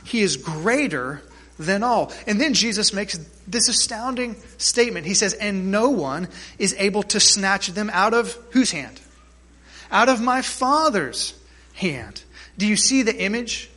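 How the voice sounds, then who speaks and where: A male pastor delivers a sermon in a high, bright, forceful voice. He preaches emphatically and keeps asking his congregation questions. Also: normal speed.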